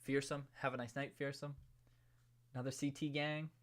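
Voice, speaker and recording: A man hosting a live stream, chatting casually and greeting viewers from the chat one by one in a rambling, relaxed way. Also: mid-range voice, normal speed.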